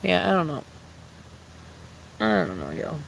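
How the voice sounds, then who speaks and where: Young streamer with a gravelly, profane ranting voice. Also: medium pitch, measured pace, noisy background. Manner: blunt, profane, ranting with lively swings. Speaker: livestreamer chatting with viewers. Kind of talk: casual unscripted stream chat.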